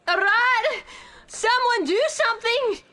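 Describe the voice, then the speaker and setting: An actress playing an excitable young tavern barmaid in video game dialogue. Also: female voice, very high voice, measured pace.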